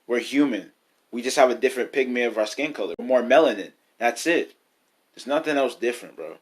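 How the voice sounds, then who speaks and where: A young man speaking into his camera in an off-the-cuff vlog. His voice sits at a middling pitch, and his talk is loose and full of slang. He drifts and rambles, then turns heated and emphatic as he gets worked up. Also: a bit bright. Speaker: vlogger. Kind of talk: casual opinion vlog to camera.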